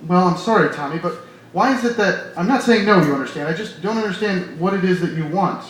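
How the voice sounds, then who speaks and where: A man's voice: high voice, fairly bright tone. A man reading as a flustered, stammering middle-aged man. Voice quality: halting, stammering. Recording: echoey bar room with light noise.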